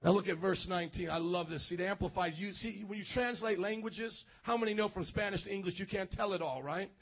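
A man preaching a charismatic sermon as pastor, fervent, swinging from shouting to quiet and calling on the congregation to respond. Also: sits high, fast talker, muffled recording.

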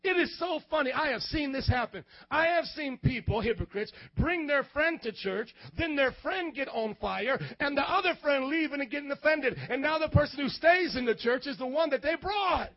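A young man preaching a casual, slangy youth sermon in a church, acting out voices and rising to shouts. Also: extremely high pitch, expressive, normal speed, hardly any pauses, dry recording, muffled recording. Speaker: youth pastor.

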